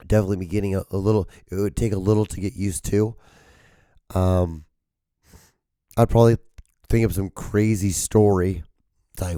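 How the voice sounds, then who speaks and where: Hoarse guy rambling and cussing on his solo podcast, mellow voice, dry close mic. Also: lowish voice, moderate pace, no room sound. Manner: rambling, profane, jokey. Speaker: podcast host. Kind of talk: solo comedic rambling monologue.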